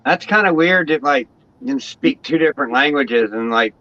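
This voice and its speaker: A man's voice: a little high, lively intonation, moderate pace, pushed and bright, dry recording. A man from Pennsylvania chatting casually as a guest, polite and hesitant, often stumbling as he starts a sentence. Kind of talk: casual chat. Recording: dry and dull lo-fi sound.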